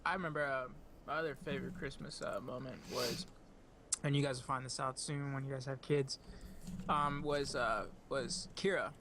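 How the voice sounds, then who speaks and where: A man co-hosting a casual podcast over an online call, telling a family story in a halting, warm way. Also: mid-range voice, steady tone, background noise. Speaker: podcast co-host, parent. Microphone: online call headset or desk mic.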